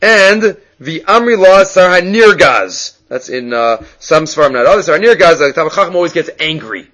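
A man leads a Talmud lesson in a fairly high voice. He explains the text step by step, pausing on fillers and restarting his sentences as he goes. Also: animated, a bit bright. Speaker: Talmud teacher. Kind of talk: Talmud lecture.

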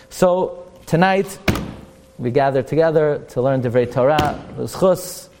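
A man giving a sermon-style Torah talk at a memorial gathering, asking questions and answering them, rising in pitch to stress points. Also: a little mellow.

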